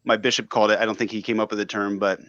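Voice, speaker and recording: A man's voice: lowish voice, flat delivery, very fast, a bit bright, no room sound, muffled recording. A man, a radio host appearing as a podcast guest, talking thoughtfully in casual conversation and hedging often with fillers.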